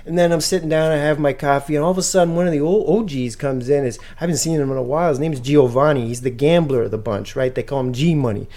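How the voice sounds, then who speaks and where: A man's voice: fairly high pitch, fast talker, few pauses, dark tone. Joking male podcast host, loose and chatty. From Canada. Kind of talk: casual sports podcast chat.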